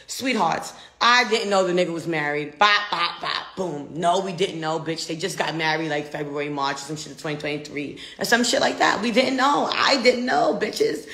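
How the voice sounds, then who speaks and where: A woman's voice: on the low side, pushed and bright, reverberant. A young American woman ranting in a brash, profane, defiant way, repeating herself as she talks. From United States. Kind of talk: casual rant.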